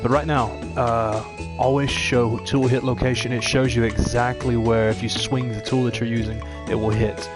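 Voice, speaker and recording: A man at an ordinary mid pitch, talking casually as he plays and walks viewers through tips. Clear game music plays behind his voice throughout. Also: little pitch movement, moderate pace, few pauses. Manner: chatty, explains tips to viewers. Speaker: let's play streamer. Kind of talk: casual gameplay commentary.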